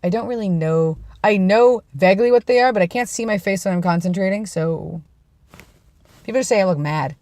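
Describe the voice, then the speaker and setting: A woman's voice: mid-range voice, brisk, no echo, clean studio sound. A young adult woman telling rambling, self-deprecating stories in a casual vlog. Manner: rambling, self-deprecating, drops to a hush for quoted lines. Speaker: vlogger.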